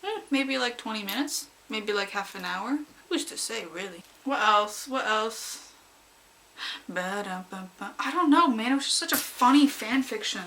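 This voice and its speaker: Omg giggly young woman rambling about a story she loves, bright voice, keeps squealing. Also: fairly high pitch, normal speed, a little hiss or hum. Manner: excitable and giggly, squeals when quoting her own reactions. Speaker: fanfic reviewer. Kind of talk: casual rambling review.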